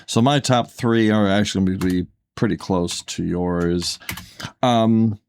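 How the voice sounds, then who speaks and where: Slight background noise sits behind this podcast co-host, whose low, darkish voice moves at an unhurried pace. In casual chat he wanders through ideas, leaning on fillers and frequently correcting himself.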